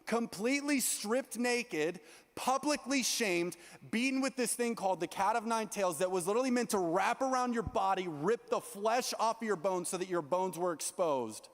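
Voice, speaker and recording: A young male youth pastor preaches with a high, bright voice and real urgency, tripping over his words and restarting as he presses his point. His voice rings through a large hall with a long reverb tail. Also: moderate pace. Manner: earnest, animated preaching with frequent restarts. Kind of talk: sermon.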